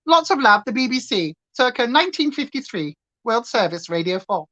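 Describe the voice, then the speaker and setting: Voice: mid-range voice, very animated, moderate pace, bright, forceful tone, no room sound, voice pushed up. A livestreamer putting on a prim, plummy 1950s radio newsreader, stiffly formal and gushing, recorded with a slightly dull lo-fi sound. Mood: pompous.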